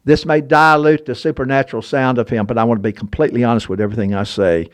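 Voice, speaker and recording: An older man with a Southern American accent, hosting a show and telling stories in a casual chat, dropping low and slow whenever he quotes someone. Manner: animated, drops low and slow to quote others. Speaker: show host and storyteller.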